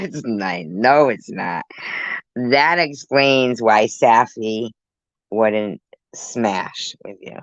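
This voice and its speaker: A woman chatting on a livestream in an unhurried, drawn-out way, teasing her viewers crudely and breaking into laughter. The sound is dull and lo-fi, with a dry, close feel. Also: very deep voice, no echo. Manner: crude, teasing, laughing often, reacts to comments with disgust. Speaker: livestream host reading chat. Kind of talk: casual livestream chat.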